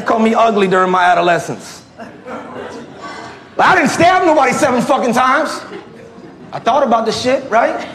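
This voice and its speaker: High-voiced brash male stand-up comic. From Tidewater, Virginia, USA. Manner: brash, profane, punchy with loud outbursts. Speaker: stand-up comedian, military veteran. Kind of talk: stand-up comedy set. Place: comedy club stage. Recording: roomy club with audience laughter. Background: crowd laughing and clapping.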